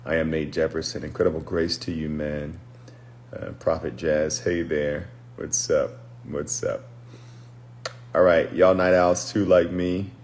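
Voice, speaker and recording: Very deep-voiced pastor teaching on a livestream. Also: male voice, flat delivery, darkish tone. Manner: reflective, measured, greets viewers by name between thoughts. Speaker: pastor and deliverance minister. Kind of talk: late-night livestream teaching.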